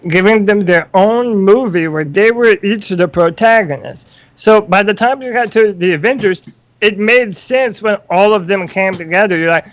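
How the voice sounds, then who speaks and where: A man hosting a podcast in a measured, thoughtful chat, laying out his view and asking the others for theirs. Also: sits high, dry recording. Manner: measured, thoughtful, poses questions. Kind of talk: casual chat.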